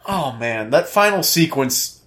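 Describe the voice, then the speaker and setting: A man co-hosting a casual podcast, excitable and tripping over repeated words. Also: mid-range voice, measured pace. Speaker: podcast co-host. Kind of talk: casual chat.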